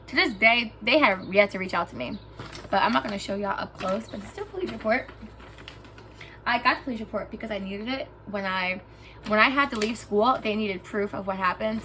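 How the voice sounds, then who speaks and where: A young woman telling a story about getting scammed to her viewers in a vlog, animated and emphatic, getting heated as she goes. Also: mid-range voice, a little hiss or hum. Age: young adult. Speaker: vlogger.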